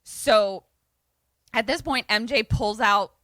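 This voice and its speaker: A young woman co-hosting a podcast, casually recapping a movie in animated fashion, acting out the characters' lines and swearing freely. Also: a little high, slow, dry recording, clean studio sound. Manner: animated storytelling with quoted voices, frequent swearing. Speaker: podcast co-host.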